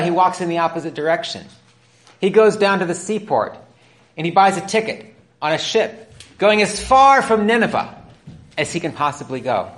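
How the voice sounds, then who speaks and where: Animated storytelling male preacher. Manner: storytelling, acts out dialogue with rising pitch. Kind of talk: sermon.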